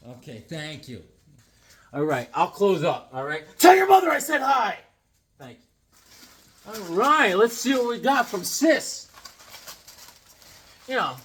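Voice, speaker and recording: A man hosting a casual unboxing vlog, talking in an excitable, goofy, joking way. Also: fairly high pitch. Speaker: comics vlogger unboxing a package.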